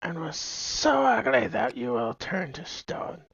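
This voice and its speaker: A man putting on a wheezy, croaking fairy-tale narrator. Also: high voice, very animated, slow pace, a bit bright, dry recording, dull audio, pitched above the performer's own voice, heavily acted. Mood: mock storytelling. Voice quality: croaky, strained throat.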